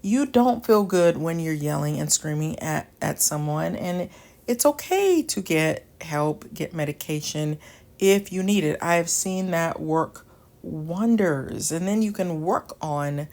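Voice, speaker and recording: A woman's voice: low-pitched, lively intonation, slow, darkish tone. A woman hosting an advice channel, talking straight to her viewers in an earnest, plainspoken, coaching way. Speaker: channel host giving advice. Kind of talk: direct-to-camera advice talk.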